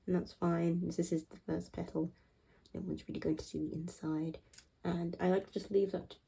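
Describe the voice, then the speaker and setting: A woman hosting a casual craft tutorial, chatty, with hesitant fillers and soft laughs. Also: on the low side, gravelly, breathy edge, rough recording.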